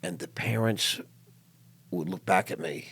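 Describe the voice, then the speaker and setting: An older man with a notably deep voice hosts a studio interview. He talks emphatically, repeating words and trailing into personal stories. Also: measured pace, fairly bright tone, slightly rough. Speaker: podcast host. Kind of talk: emotional interview chat.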